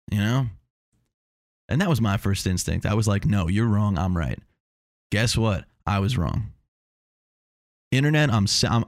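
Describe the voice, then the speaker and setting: A man's voice: lowish voice, dry recording, studio quality. A man hosting a casual solo talk, rambling and self-mocking with meandering asides.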